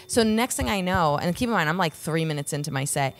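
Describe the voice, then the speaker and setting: A woman stand-up comedian telling stories in a casual chat, jumping into high voices when she quotes people. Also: fast talker. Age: middle-aged. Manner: animated, acts out quotes with jumps in pitch. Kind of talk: casual podcast chat, storytelling.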